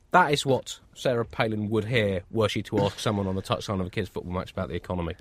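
A man's voice: on the low side, fast, hardly any pauses, no echo. A man co-hosting a satirical comedy show, delivering dry, absurdist jokes. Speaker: comedy co-host.

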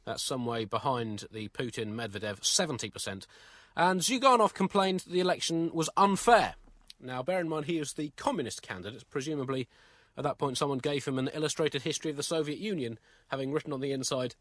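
A man co-hosting a comedy podcast, reading jokes in a deadpan, mock-solemn way and bantering. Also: medium pitch, a little fast, dry recording. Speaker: co-host.

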